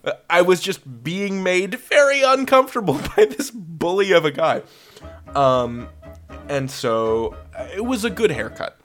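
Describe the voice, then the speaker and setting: Male podcast co-host, lively comedic storyteller with a very expressive pitch range; a faint guitar bed plays under him. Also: measured pace. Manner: animated, acts out quoted people with big pitch jumps.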